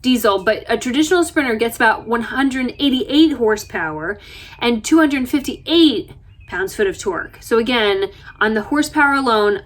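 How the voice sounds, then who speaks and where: A woman vlogger from the United States talking in a chatty, self-deprecating way, telling stories with lively asides. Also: on the high side. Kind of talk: casual chat. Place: RV interior.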